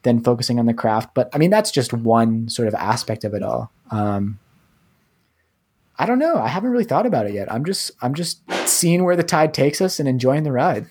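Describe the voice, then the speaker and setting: A young American man co-hosting a podcast, talking in a relaxed, hesitant way with lots of ums and likes. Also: mid-range voice, normal speed, husky. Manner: relaxed, filler-heavy, hesitant. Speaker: podcast co-host. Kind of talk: casual podcast chat.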